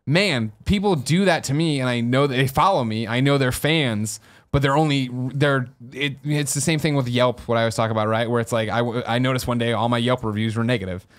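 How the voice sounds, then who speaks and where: Man, podcast co-host, quick rambling talk, frank, many restarts. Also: medium pitch, fairly even intonation. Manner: rambling, self-interrupting, frank. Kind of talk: casual chat.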